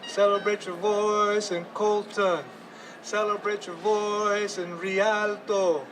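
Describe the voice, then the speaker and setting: A man's voice: high-pitched, level tone, takes it slowly, crowd noise. An older man performing spoken word poetry outdoors, chanting in rhythmic repetition and mixing in Spanish phrases. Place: outdoors downtown street. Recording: distant mic, street noise.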